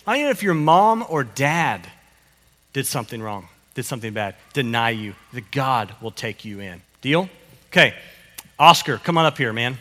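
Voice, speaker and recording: Animated pastor in a reverberant hall. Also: male voice, on the high side. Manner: animated, coaching and encouraging, repeats phrases. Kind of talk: sermon with children acting out a psalm.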